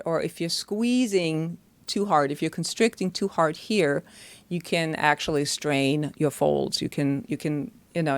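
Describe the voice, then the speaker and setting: A woman's voice: low voice, no room sound. A woman voice teacher explaining singing technique in a chatty, step-by-step way, often checking in with the listener.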